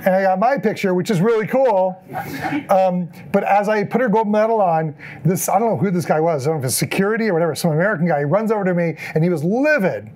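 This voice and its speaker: Man, high-pitched voice, animated storytelling, acts out quotes, middle-aged photographer. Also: fast. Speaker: event photographer giving a talk. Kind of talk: storytelling presentation.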